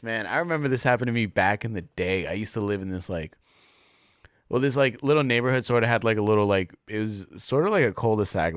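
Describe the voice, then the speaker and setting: A young man talks on his own in a loose, rambling way. He packs in slang and filler words, and his voice sits fairly low. The sound is dry and close, with no room echo at all. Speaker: podcast host. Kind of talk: casual solo monologue.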